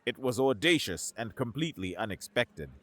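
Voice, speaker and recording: A man narrating a sci-fi story in a steady, even scripted delivery. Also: mid-range voice, normal speed.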